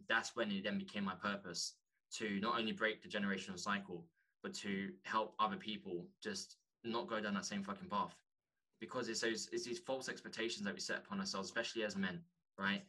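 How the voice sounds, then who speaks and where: Man for a guest spot, earnest and halting, fairly low and very bright tone. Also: fairly even intonation, slightly rough. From London, England. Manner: earnest, halting, restarts often. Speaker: podcast guest, author. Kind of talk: candid conversation.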